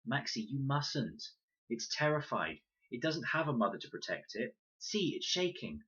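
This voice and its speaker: Need a man playing a bossy, protective older sister, stern and commanding, husky undertone. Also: medium pitch, sing-song, moderate pace, pushed and bright, dull audio, voice pushed up, exaggerated voice.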